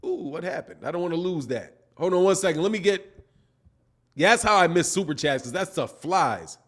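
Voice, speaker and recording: Male stream host with a high voice, argumentative, fond of rhetorical questions. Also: normal speed. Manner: animated, argumentative, asks repeated rhetorical questions. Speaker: boxing channel host. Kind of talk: live-stream commentary, reading viewer chats.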